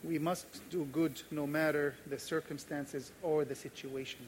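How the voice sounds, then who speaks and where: A man's voice: a little high, normal speed, slight background noise. A man from Jordan preaching a sermon as pastor, telling a personal story and acting out its dialogue. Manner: animated storyteller, acts out dialogue.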